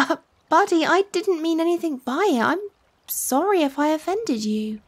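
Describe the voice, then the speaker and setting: A woman doing a whispered role-play as an ASMR performer, speaking in a coaxing, gently teasing way. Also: high voice, expressive, moderate pace.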